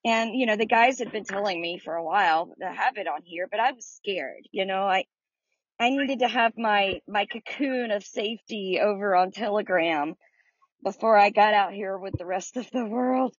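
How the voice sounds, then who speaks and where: A woman's voice: medium pitch, moderate pace, slightly rough, no room sound. Chatty woman hosting a Bible study. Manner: chatty and welcoming, greeting listeners by name. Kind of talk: casual chat. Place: outdoors in the sun. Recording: dry, slightly dull lo-fi audio.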